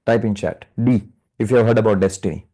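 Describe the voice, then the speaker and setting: A man's voice: lowish voice, fast, dark tone. A man with an Indian English accent gives a live spiritual lecture over a video call, chatty and checking in with the class with "right?" and "yes or no?". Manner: conversational, keeps asking the class "right?" and "yes or no?". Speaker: meditation course instructor. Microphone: computer or phone mic on a video call.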